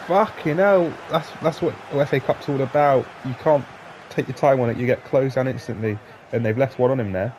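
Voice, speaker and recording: A man giving live, sweary commentary on his own football video game, jumping between excited shouts and flat grumbling. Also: mid-range voice, fairly quick, a little hiss or hum. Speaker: gaming YouTuber.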